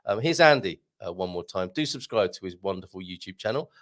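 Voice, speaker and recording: A man's voice: sits low, expressive, brisk. A man hosting a live online show, chatting and reading out viewer comments. He is jokey, laughs often and trips over his words.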